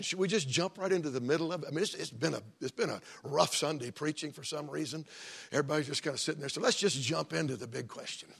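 A man's voice: on the high side, gravelly, fairly bright tone, slightly rough. A middle-aged man preaching a sermon as pastor, in a folksy, conversational way with joking asides.

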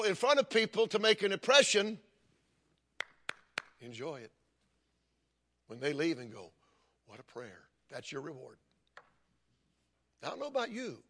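An older man preaching a sermon, telling stories and building to emphatic, forceful points. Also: a little high. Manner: storytelling preacher, rising to emphatic calls. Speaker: pastor.

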